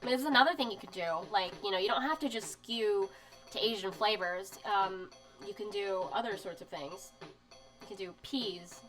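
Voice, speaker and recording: On a live stream with soft music playing, a woman chats casually while showing zines, reading magazine snippets aloud with plenty of fillers and emotional asides. Her voice is mid-range, her pace moderate, and the recording quality is low.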